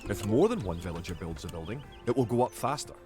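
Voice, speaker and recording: A man plays a grave Scottish narrator guiding a game tutorial, his voice sitting on the low side. He speaks in a measured, instructive way. Loud game music plays under the voice. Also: animated, lightly acted. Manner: solemn, instructive.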